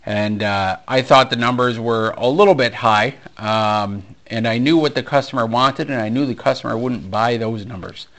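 A male pastor preaching a sermon, animated and storytelling, acting out conversations with frequent ums and restarts. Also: mid-range voice, normal speed, hardly any pauses. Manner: animated storyteller, acts out dialogue, many fillers. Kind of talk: sermon with personal stories.

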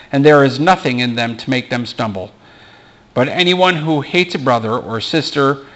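A pastor giving an informal sermon in a small church, mixing scripture with joking asides. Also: male voice, mid-range voice, fairly bright tone. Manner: conversational preaching with joking asides.

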